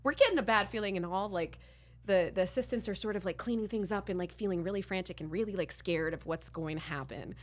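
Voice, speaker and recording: A woman hosting a podcast, telling a candid personal story in an animated way, swearing freely and acting out what people said. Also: mid-range voice, fast. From Miami, Florida. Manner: animated, swears freely, acts out quotes with a rising voice. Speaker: podcast host.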